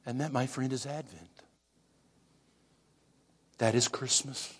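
A man preaching a sermon slowly and dramatically, dropping at times to a hushed near-whisper for emphasis. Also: mid-range voice, husky. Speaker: pastor.

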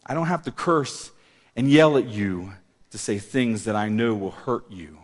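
A middle-aged male pastor preaching a sermon in a church, animated, swinging between loud emphasis and quiet asides. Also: lowish voice, unhurried. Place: church hall. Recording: long reverb of a church hall.

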